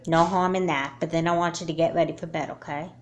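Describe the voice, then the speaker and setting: A woman voicing a caring but firm mother in a home-made doll movie, speaking in a gentle, parental way. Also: deep voice, steady tone, fast talker, a little hiss or hum, close to an everyday voice.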